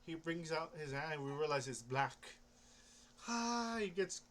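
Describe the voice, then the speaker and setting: A man's voice: a little high, expressive, unhurried, a bit bright, a little hiss or hum. A young man rambling casually about comics, hesitant, restarting often and swearing offhandedly. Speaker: comic book vlogger.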